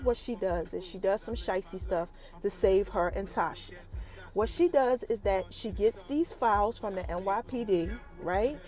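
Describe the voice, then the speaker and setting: An animated woman hosting a podcast, chatting through a TV episode recap and speaking straight to her listeners. Her voice sits a little on the high side. Faint music plays underneath her. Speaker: podcast host.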